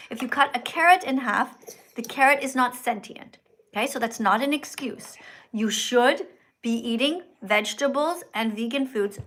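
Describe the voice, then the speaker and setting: A woman hosts a livestream chat and lectures with steady insistence. Her voice sits fairly high, and she breaks in on the guest to press her point. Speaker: livestream host.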